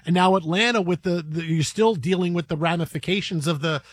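Male sports radio host, high voice, excitable and quick to restart his sentences, recorded dry and close. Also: dry recording. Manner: animated, excitable, stammering restarts. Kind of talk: casual sports radio chat.

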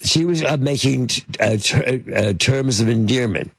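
Older male guest, husky gravelly storyteller, dry close sound. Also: medium pitch, normal speed, no echo. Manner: rambling, with many fillers, restarts and acted-out quotes. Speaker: interview guest, film producer. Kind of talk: casual anecdotal storytelling.

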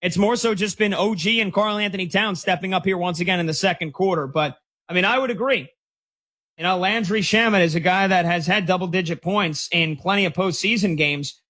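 A man hosting a sports talk show, excitedly reacting to a live game and reading listener texts. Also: high-pitched. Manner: excitable, rapid, breaks into shouts. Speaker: sports radio host.

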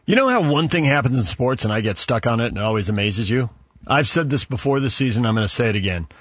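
A man's voice: medium pitch, lively intonation, quick pace, a bit bright, husky, no echo. A man from California co-hosting a sports radio show, arguing football points with emphatic questions. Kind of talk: casual sports talk.

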